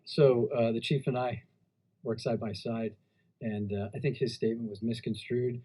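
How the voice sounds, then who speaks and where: A man with a mellow, dark voice answers reporters' questions at a briefing. He pauses often and restarts his sentences while he explains medical decisions. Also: mid-range voice, fairly even intonation, breathy edge, poor audio. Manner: hesitant, halting, many restarts. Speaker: physician at a press briefing.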